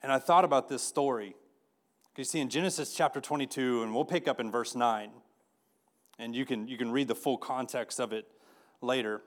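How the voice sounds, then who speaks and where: A man's voice: mid-range voice, normal speed. A man preaching a sermon in a conversational way, often restarting and repeating words as he tells a story. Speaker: pastor.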